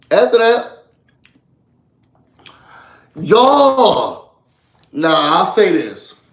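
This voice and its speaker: A man casually recapping a reality show for his viewers, animated and chatty, often calling out to them. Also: sits high, reverberant. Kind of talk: casual live recap chat.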